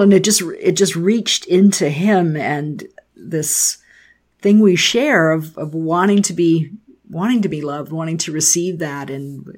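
A woman's voice: low voice, darkish tone. A woman hosting an interview, responding thoughtfully and asking her guest questions. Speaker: host. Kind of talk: interview conversation.

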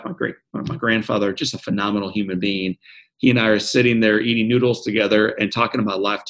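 A man in his forties, an author being interviewed, who answers with earnest, vivid anecdotes and often repeats words. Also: lowish voice. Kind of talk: interview conversation.

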